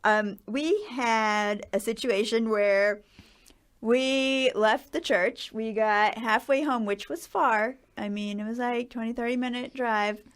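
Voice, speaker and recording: A woman's voice: a little high, fairly even intonation, slow. A middle-aged woman hosting a podcast, telling rambling family stories and laughing often. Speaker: podcast host. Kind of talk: casual chat.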